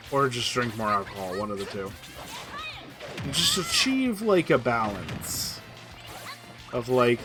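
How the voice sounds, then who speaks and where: A young man rambling through casual gaming stream commentary in a put-on voice, swearing freely and making fun of himself. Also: medium pitch. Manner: rambling, profane, self-deprecating; playing up a put-on voice.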